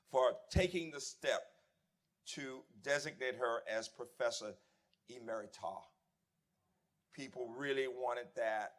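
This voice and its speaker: A man in his seventies speaks at a memorial service, reflective and warmly reminiscing. His talk has natural restarts and an unhurried, heartfelt pace. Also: medium pitch. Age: 70s. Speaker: eulogy speaker, former dean. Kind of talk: memorial tribute speech.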